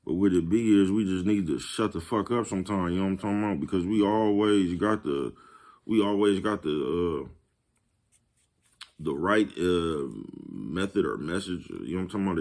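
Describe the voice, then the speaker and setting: Man, deep low voice, laid-back vlog monologue, chuckles at his own lines. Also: a little fast, darkish tone. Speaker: vlogger. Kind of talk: casual monologue to camera.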